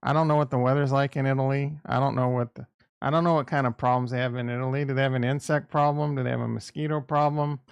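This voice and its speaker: This time the gravelly, creaky middle-aged host talks fast, his intonation fairly even and his pitch ordinary. Rambling bluntly on a casual livestream with many crude asides, he's recorded dry and up close without any room sound.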